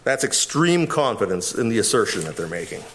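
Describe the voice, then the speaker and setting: A man's voice: fairly low pitch, big pitch swings, a little fast, a bit bright. A middle-aged man from Canada giving expository Bible teaching as a pastor, emphatic and often chuckling. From Winnipeg, Canada.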